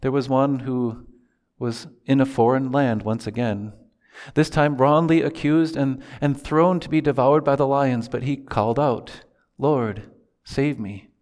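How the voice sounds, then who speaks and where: A man's voice: medium pitch, a little slow, a little mellow. A male pastor preaching a sermon in an earnest manner, quoting prayers from scripture.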